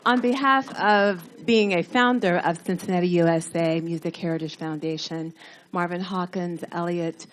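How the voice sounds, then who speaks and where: A woman with a fairly low voice gives formal thanks to a crowd outdoors. She speaks steadily, as if from prepared remarks. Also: moderate pace, slight background noise, low-quality recording. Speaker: foundation founder speaking. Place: outdoor street ceremony.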